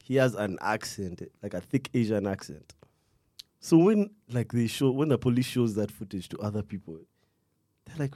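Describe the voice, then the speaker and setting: A man's voice: mid-range voice, animated, brisk, mellow, no room sound, clean studio sound. A young man telling a true crime story in casual chat, rambling with slang and restarts, stopping now and then to cough. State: coughing fits.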